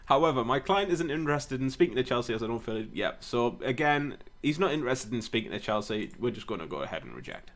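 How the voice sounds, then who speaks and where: Excitable man doing game commentary. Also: mid-range voice, quick pace, hardly any pauses. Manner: excitable, commentator-style play-by-play, swears. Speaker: gaming YouTuber. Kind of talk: casual gameplay commentary.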